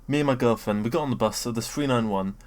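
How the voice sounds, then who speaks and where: A young adult man with a British accent giving a casual, rambling rant. He swears freely, fills gaps with "um", breaks off his own sentences and keeps bouncing up into excited bursts. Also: quick pace. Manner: rambling and sweary, with frequent fillers and self-interruptions; excitable, often jumping up in pitch and loudness. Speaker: vlogger.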